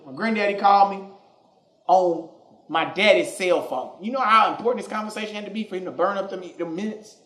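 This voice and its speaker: A man hosting a podcast, telling a comedic story in an animated, profane way, recorded in an echoey room. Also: high-pitched, brisk. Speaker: podcast host.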